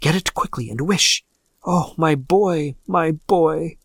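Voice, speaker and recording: A man reading aloud and voicing a grieving old woman, frantic and obsessed, in high hysterical cries. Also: animated, normal speed, a bit bright, husky, dry recording, studio quality.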